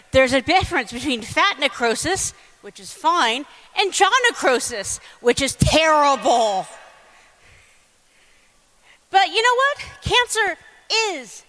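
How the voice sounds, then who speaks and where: A woman giving a fast, comic lightning talk on stage, blunt and irreverent. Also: sits high, pushed and bright. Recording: reverberant hall over a PA.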